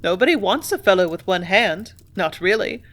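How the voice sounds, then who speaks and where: A woman's voice: medium pitch, expressive, a little fast. A woman doing a hearty young man. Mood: earnest. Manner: hearty, earnest, a touch louder. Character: cheerful young man, left-handed clerk.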